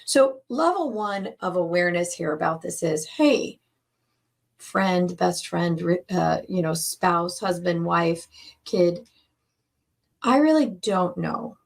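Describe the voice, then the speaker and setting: Slow, gravelly-voiced woman coach. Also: fairly low pitch, expressive. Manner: earnest, speaks in slow measured phrases. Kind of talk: teaching talk on relationships.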